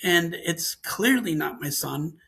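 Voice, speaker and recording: A man's voice: a little high, animated, slow pace, gravelly, a bit bright, low-quality recording. A man, a scientist guest, telling a personal story and acting out the dialogue as he goes.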